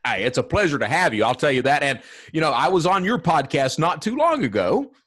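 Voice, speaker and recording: A man hosting a podcast, eager and quick to laugh as he interviews his guest. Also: fairly high pitch, very animated, fairly bright tone, husky. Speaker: podcast host.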